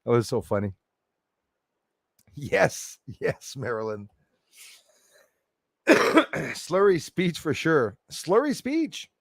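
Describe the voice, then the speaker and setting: Animated man hosting a livestream. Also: mid-range voice, drawn-out words, vocal fry, long pauses, dry recording, clean studio sound. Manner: animated, laughing, reads viewer names. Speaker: livestream host. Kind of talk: casual livestream chat.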